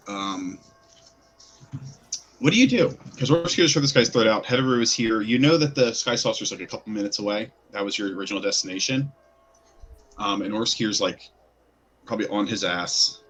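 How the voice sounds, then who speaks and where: Low-voiced male game master. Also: a bit bright. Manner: casual, filler-heavy narration. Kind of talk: narrating a tabletop game.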